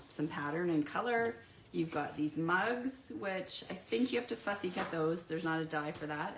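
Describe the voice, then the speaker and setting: A woman's voice: lowish voice, noisy background. A sick, congested woman chatting casually and rambling with lots of ums as she demonstrates papercraft products on a live stream from her home craft desk.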